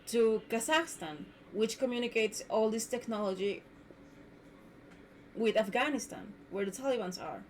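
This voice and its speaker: A woman from Mexico hosts her own podcast, delivering an indignant, repetitive solo rant. Her voice is medium-pitched, with a little hiss or hum in the recording.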